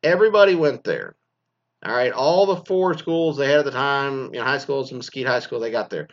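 Ranting man, 40s, from Texas: blunt and profane, mid-pitched voice, dull lo-fi recording. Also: moderate pace. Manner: blunt, heavy swearing, animated storytelling. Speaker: former teacher.

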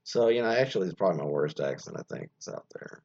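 A man's voice: sits low, lively intonation, fast, a little mellow, breathy edge. A man hosting an online radio show, chatting casually and rambling through an article with fillers, asides and the odd curse. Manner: rambling, many fillers and trailing asides, mildly profane. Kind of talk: casual solo talk, reading an article aloud with comments. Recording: lo-fi muffled sound.

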